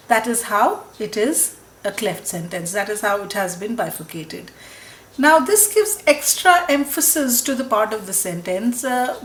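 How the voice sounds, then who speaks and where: A woman's voice: a little high, echoey room. A woman teaching English grammar in a recorded lecture, explaining patiently with frequent "right?" checks and small self-corrections.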